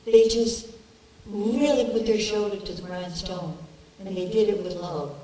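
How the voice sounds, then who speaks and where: A woman's voice: mid-range voice, unhurried, dark tone, reverberant, distant mic, poor audio. A woman, an actress joining a film Q&A remotely, giving a heartfelt, earnest and emphatic speech. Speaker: actress guest on a remote video link.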